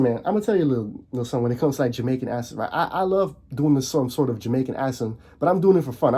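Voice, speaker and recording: Hosting his own video channel, this young guy goes off on a fired-up, casual rant, constantly restarting and repeating words. His voice is warm and jumps upward whenever he hits a point hard.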